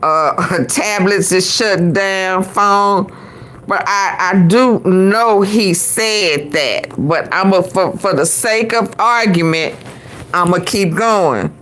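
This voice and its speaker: Slow, blunt woman vlog host. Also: mid-range voice, fairly bright tone, poor audio. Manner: blunt, profane, talks back to the clip. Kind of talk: casual commentary.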